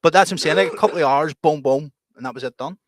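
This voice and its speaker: A man's voice: on the high side, fast, dry recording, studio quality. A man, chatting casually as co-host about producing music, laughing often. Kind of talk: casual chat.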